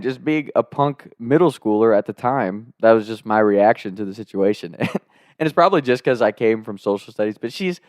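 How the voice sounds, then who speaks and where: A young man telling a story from his school days in a casual, animated way, acting out what people said, with sudden loud outbursts. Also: on the low side, brisk, no room sound, clean studio sound.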